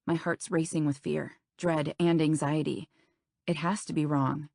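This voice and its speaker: Young woman, low voice, gravelly, dry close sound, first-person romance audiobook. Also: fairly even intonation, measured pace, a little mellow, no room sound. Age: young adult. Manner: intimate, anxious first-person telling. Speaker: audiobook narrator.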